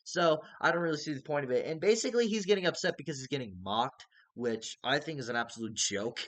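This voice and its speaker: A man's voice: fairly high pitch, expressive, fast, a bit bright. A man casually reviewing a TV show, rambling and hedging, with casual swearing.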